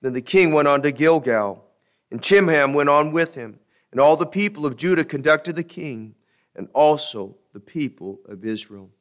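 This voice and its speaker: A male pastor preaching a sermon, telling a folksy joke and then reading scripture slowly and emphatically. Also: a little high, expressive.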